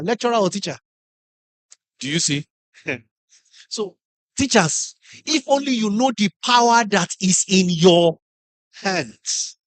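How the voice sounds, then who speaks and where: A middle-aged conference speaker with a Nigerian English accent and a high voice gives a lively motivational talk to teachers. He tells stories animatedly, acting out classroom scenes and posing questions to the audience. The recording is dry.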